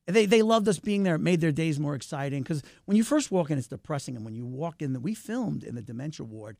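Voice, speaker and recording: A middle-aged man talking as a filmmaker guest in a casual interview, animated and talkative, swinging his pitch up and down. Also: quick pace, vocal fry, no room sound, studio quality.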